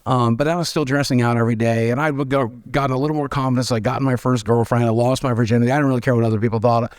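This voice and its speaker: In a clear, resonant mid-range voice, an American man fires off candid stories at a rapid clip as an interview guest. He animatedly performs the quoted voices and stays frank and self-deprecating, all in studio-quality audio with no room sound.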